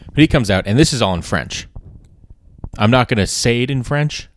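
A man with a fairly low voice recounts a story on his podcast, rambling, doubling back on himself and dropping swear words for emphasis. The sound is dry and close, with no room around it. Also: normal speed, pauses often, no echo. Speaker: podcast host. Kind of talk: casual storytelling.

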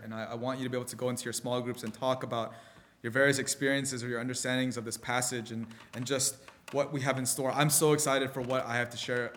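A man preaching a sermon, telling stories in an animated way and often restarting his sentences. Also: mid-range voice, slight background noise. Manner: animated storytelling with frequent restarts.

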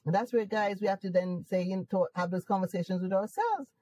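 A woman's voice: medium pitch, fast talker, a little mellow, low-quality recording. A woman with a Jamaican accent, a guest in an interview, who talks emphatically and upbeat and laughs often. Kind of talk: casual conversational interview.

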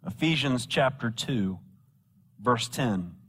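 A man's voice: mid-range voice, lively intonation, slow pace, a bit bright, slight background noise. A male pastor delivering a sermon, repeating key phrases for emphasis and reading scripture aloud to the congregation. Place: church sanctuary. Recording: church hall with long reverb.

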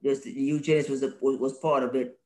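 A man's voice: medium pitch, steady tone, a little fast, darkish tone. A man co-hosting a casual religious podcast, talking with preachy emphasis, repeating phrases and laughing often. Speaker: podcast co-host.

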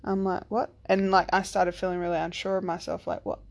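A woman in her thirties or forties, a single parent, tells a personal story in a fairly quick, low, level voice with a darkish tone. She rambles casually, saying "like" and "um" constantly and swearing freely.

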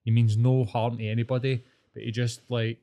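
A man's voice: medium pitch, little pitch movement, fairly quick, mellow. A man in his forties with a Glaswegian Scottish accent, telling rambling stories in casual chat and swearing freely. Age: 40s.

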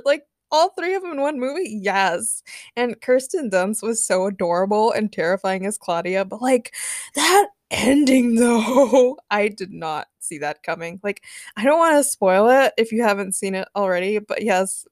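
A woman's voice: on the high side, no room sound, studio quality. A woman hosting a podcast, chatting enthusiastically and narrating a story. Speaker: podcast host. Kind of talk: casual chat and story narration.

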